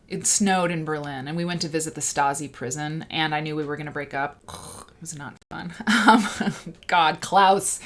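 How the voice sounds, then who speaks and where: A woman hosting a casual livestream, rambling and excitable as she chats and reads out viewer comments. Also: deep voice, slight background noise. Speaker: livestream host.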